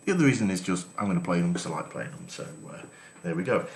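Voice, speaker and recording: Guy hosting a let's play, lowish voice, chatty, reads the game text out loud, roomy echo. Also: expressive, fast talker. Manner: reads game text aloud between comments. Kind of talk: casual let's-play commentary. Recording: echoey room with faint noise.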